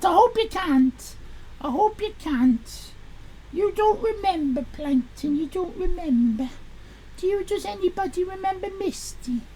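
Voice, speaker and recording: Brief: a woman as a sassy Irish sixteen-year-old, crude and rambling, very high and gravelly. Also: exaggerated voice. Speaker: streamer. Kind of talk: live stream in character.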